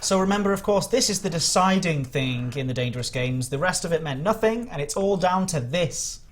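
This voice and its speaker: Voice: medium pitch, lively intonation, brisk. A livestream host running a community game event, playful and jokey, reading out the rules of a contest.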